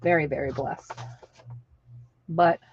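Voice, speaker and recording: A woman's voice: low voice, fairly even intonation, slow pace, a little hiss or hum. A woman in her late thirties or older, chatting casually on a live stream, laughing often and acting out what people said in her stories. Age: over 35. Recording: dull lo-fi stream audio.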